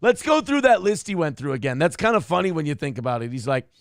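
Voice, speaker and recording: A man's voice: fairly high pitch, sing-song, fast talker, few pauses, dry recording, studio quality. A man hosting a comedic political show, ranting in a sarcastic, mocking and profane way. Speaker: podcast host.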